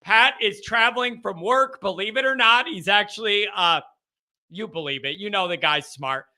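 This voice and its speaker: Male call-in host, high bright voice, animated and rambling. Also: normal speed. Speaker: show host. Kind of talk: live call-in show chat.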